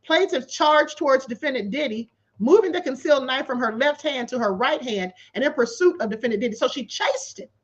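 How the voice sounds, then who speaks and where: A woman's voice: sits high, expressive, a little fast, hardly any pauses, slightly rough, muffled recording. A woman hosting a livestream, reading a court filing aloud and picking it apart with sarcastic, disbelieving commentary. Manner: incredulous and sarcastic, laughing in disbelief. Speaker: livestream host. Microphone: livestream setup.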